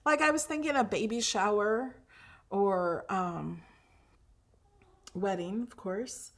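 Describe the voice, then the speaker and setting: A woman's voice: mid-range voice, slow. A woman hosting a craft livestream, chatting casually with viewers, gushing over her projects with fillers and restarts.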